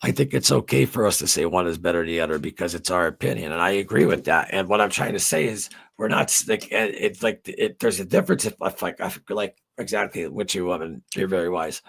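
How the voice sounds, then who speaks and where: This middle-aged man hosts a livestream with a low-pitched, husky, fairly bright voice, talking quickly with vocal fry and hardly any pauses. His casual chat with viewers rambles, heavy on fillers and swearing.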